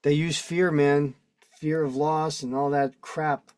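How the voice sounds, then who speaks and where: A man's voice: on the high side, steady tone, takes it slowly, a little mellow, clean tone, no echo, studio quality. A man hosting a casual online chat, reading notes aloud and riffing on them with indignation. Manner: rambling, reads text aloud then riffs indignantly. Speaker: host.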